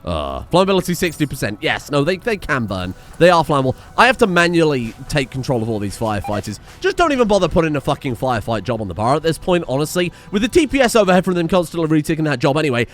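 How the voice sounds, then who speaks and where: Guy ranting at his game, exasperated and sarcastic, voice jumping all over, a bit higher pitched. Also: sing-song, fast, hardly any pauses, no echo. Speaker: gaming streamer. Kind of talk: let's play commentary.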